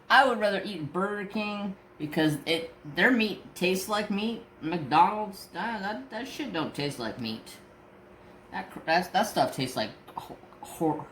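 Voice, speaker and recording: A craft channel host chatting casually, telling a profane story and acting out everyone's lines. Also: male voice, sits high, slight background noise. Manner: profane, animated storytelling that acts out voices. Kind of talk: casual chat.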